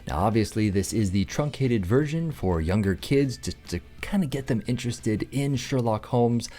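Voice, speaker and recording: A man's voice: mid-range voice, expressive, normal speed, warm tone, soft background music. A man in his thirties giving an enthusiastic, chatty book review as a parent who reads aloud to his kids. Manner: enthusiastic, chatty, some restarts.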